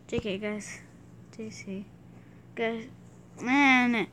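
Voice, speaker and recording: Playful woman with a bright voice. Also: on the high side, steady tone, extremely slow, slight background noise. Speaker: fan animator doing a question-and-answer video. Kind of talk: casual fan voice acting.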